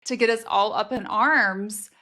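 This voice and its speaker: A woman co-hosting a book podcast, her voice sitting at an ordinary middle pitch. She talks casually and thinks out loud, leaning on "like" as she works through ideas. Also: steady tone, measured pace. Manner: thinks aloud, with many "like" fillers. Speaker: podcast co-host.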